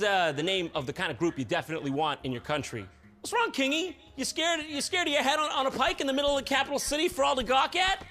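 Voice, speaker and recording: High-pitched, sarcastic comedy narrator. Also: male voice. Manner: sarcastic, swearing, bursts of shouting.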